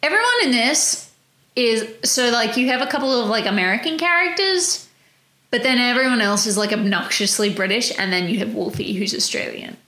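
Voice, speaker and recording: A woman's voice: on the high side, brisk, bright, forceful tone. A woman co-hosting a podcast, casually recapping a film with lots of fillers. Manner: chatty, filler-heavy retelling. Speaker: podcast co-host. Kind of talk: casual movie recap chat. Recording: echoey room.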